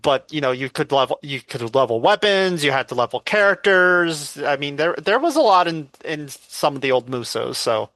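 A man talks loosely about video games, often restarting his sentences. His voice is bright and sits a bit high. The recording is dry and close. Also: lively intonation, normal speed, few pauses, no echo. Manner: rambling, self-correcting. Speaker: podcast co-host. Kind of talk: casual gaming news chat.

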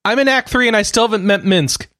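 A man co-hosting a casual podcast, animated and laughing often. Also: sits high, quick pace, no echo, clean studio sound. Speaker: podcast co-host.

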